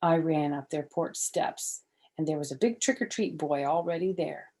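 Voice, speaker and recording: An older woman with a low voice reads a children's chapter book aloud at a normal pace. She gets animated during the lively bits and turns soft and hushed for the quiet moments.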